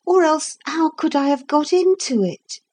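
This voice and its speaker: A woman's voice: high-pitched, lively intonation, unhurried, a little mellow, voice pushed up. A woman voicing a bewildered young boy who asks upset, pleading questions. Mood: anxious.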